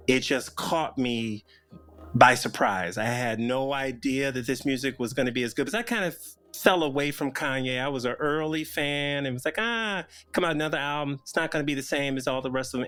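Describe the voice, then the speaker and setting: A man chatting as a guest on a podcast, joking and telling stories with lively energy. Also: medium pitch. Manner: playful, jokey, animated storytelling. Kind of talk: casual chat.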